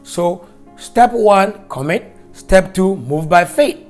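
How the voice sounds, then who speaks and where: A preacher delivering a broadcast sermon and prayer, slow and emphatic, repeating key phrases for weight. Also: mid-range voice, animated, a little mellow, faint music behind.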